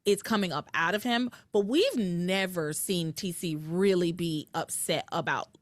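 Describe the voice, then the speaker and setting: A woman hosting a podcast, casually recapping a soap opera and acting out its dialogue in lively voices. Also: fairly low pitch, a little slow, no room sound. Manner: animated storytelling, acts out dialogue with voices.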